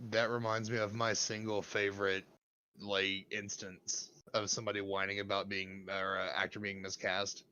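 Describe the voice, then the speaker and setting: A man's voice: lowish voice, monotone, moderate pace, sharp tone, smooth. A man co-hosting a casual podcast who talks bluntly and profanely. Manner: blunt, profane, laughing asides. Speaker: podcast co-host. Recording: dull, lo-fi mic.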